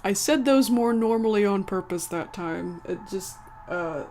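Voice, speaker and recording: Speaking a little slowly in a mid-range, somewhat mellow voice, a woman with a light American country accent rambles casually to her live-stream viewers. She corrects herself often and chuckles. The recording has faint background music and a little hiss or hum.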